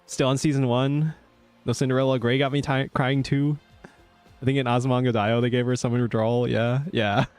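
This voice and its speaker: A man's voice: mid-range voice, flat delivery, brisk, a little mellow, clean tone, faint music behind. Rambling man streaming a game. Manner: rambling, filler-heavy, laughs easily. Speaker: VTuber streamer. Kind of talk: casual gaming stream chat.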